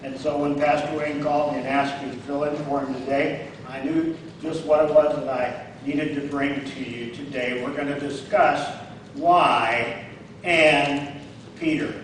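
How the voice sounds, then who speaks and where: A man's voice: on the high side, steady tone, a little slow. A man filling in as preacher, giving a conversational sermon and checking in with his listeners. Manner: conversational, checks in with "all right?"; acts out quoted lines with rising emphasis. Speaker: guest preacher. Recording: very echoey, distant mic, faint noise.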